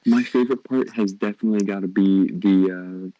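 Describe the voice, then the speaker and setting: A man's voice: sits low, steady tone, brisk, crowd noise, poor audio. A man co-hosting a casual podcast chat, laid-back and teasing.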